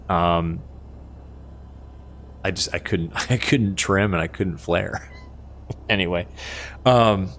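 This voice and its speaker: A man's voice: deep voice, gravelly, a bit bright, a little hiss or hum. A man giving chatty, self-mocking live commentary as a flight sim streamer, laughing often at himself.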